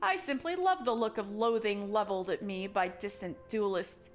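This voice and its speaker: A woman's voice: medium pitch, normal speed, soft background music, voice pushed down, close to an everyday voice. A woman voicing a proud elder male mage brother, lofty and theatrical in her delivery.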